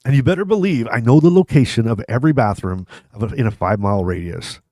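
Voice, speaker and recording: A man's voice: mid-range voice, animated, quick pace, warm tone, dry recording, studio quality. A man in his fifties telling funny stories to camera in a rambling, self-mocking way, often chuckling between restarts. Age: 50s. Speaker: vlog host. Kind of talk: casual humorous storytelling to camera.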